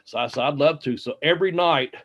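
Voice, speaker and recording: A man's voice: on the high side, fast, fairly bright tone. A man, a former wrestler, casually telling long anecdotes with lots of fillers and acted-out quotes in an interview. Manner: rambling anecdotes with many fillers and quoted dialogue. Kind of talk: casual storytelling.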